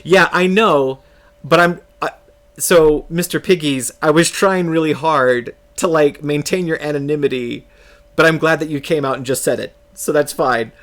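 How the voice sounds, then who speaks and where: A man's voice: fairly high pitch, normal speed, fairly bright tone. A man from California, streaming a game and telling rambling, self-mocking stories, laughing often as he talks. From California, United States. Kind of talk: casual storytelling chat on a live stream.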